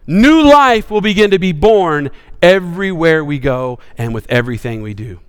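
A male pastor preaching with passion, swinging from bold rises to sudden hushed drops. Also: fairly high pitch, lively intonation, normal speed, clean tone, in a large hall. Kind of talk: sermon.

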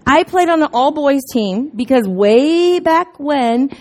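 A middle-aged woman giving a casual sermon, telling stories in a chatty, self-deprecating way with sudden loud bursts. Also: sits high, animated, slow pace. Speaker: preacher.

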